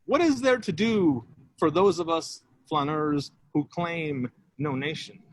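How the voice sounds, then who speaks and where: High-voiced man improvising bilingual poetry. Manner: switches back and forth between two languages line by line, self-translating; halting, drawn-out phrasing with pauses and fillers. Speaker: poet. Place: at home, walking around the house. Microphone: phone.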